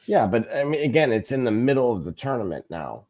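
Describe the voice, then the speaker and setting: A man's voice: medium pitch, sing-song, fast talker, a little mellow. A man co-hosting a casual sports talk stream, hesitant and restarting as he makes his points. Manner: hesitant, with restarts and fillers while making a point. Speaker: co-host.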